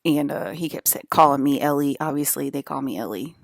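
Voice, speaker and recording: Low gravelly woman rambling. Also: brisk, no room sound, studio quality. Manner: rambling, swears freely, many fillers. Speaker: vlogger. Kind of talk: casual rambling monologue.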